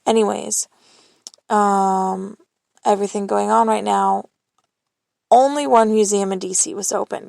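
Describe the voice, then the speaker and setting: A woman's voice: medium pitch, fairly even intonation, measured pace, vocal fry, pauses often, darkish tone, no room sound. A young woman hosting a solo podcast, rambling candidly into her phone and swearing casually. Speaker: podcast host. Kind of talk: solo confessional monologue.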